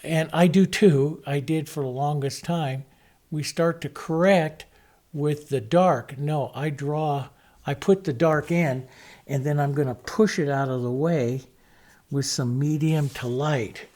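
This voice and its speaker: A man's voice: a little high, steady tone, slow pace, a little mellow. A middle-aged man teaching painting, talking easily and thinking aloud as he works, with frequent fillers. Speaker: painting instructor. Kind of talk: relaxed step-by-step painting demonstration.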